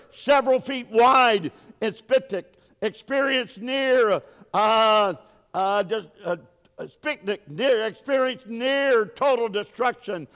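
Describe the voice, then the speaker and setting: A man preaching a sermon in a church, halting, with many fillers, and building up to shouted questions. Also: very high voice, smooth. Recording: long reverb in a large hall.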